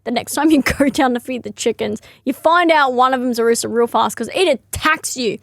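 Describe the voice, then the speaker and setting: Brief: young female comic, high voice with vocal fry, rambling and giggly, dry close sound. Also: brisk, a bit bright, no echo. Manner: rambling, giggly, lots of "like" and self-corrections. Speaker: comedian. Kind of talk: casual comedic monologue.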